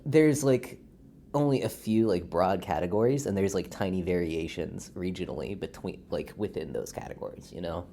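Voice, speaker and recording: A man's voice: low-pitched, moderate pace, mellow, slight background noise. A young American man with a General American accent, chatting casually as a podcast guest, rambling with lots of fillers. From United States. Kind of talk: casual chat.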